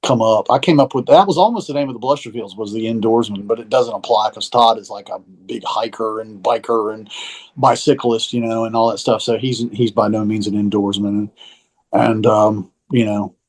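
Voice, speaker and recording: A man's voice: fairly low pitch, steady tone, moderate pace, darkish tone, low-quality recording. Man, Southern US accent, casual podcast chat, rambling, self-deprecating, stop-start phrasing. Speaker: podcast co-host.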